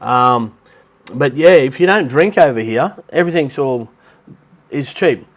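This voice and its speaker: A man's voice: medium pitch, lively intonation, a little slow. Nasal, rambling Australian man. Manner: rambling, chatty, greets viewers by name. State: blocked nose, sounds nasal. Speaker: livestream host. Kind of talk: casual livestream chat. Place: rented apartment near the beach in Thailand.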